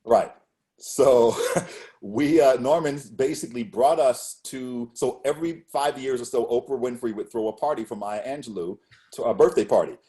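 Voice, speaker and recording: A middle-aged man tells stories with energy in a relaxed interview. His voice sits at a middle pitch, and he acts out the quotes in his tales with sudden lively turns. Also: moderate pace. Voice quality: animated storyteller, acts out quotes. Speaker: guest speaker. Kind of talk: casual interview storytelling.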